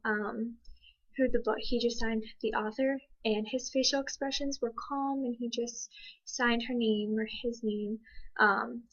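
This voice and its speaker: Woman, fairly high voice, flat monotone delivery, dull lo-fi recording, hesitant commentary. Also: breathy edge. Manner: thoughtful, hesitant, many ums. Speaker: interpreting student. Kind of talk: spoken commentary on a signed video.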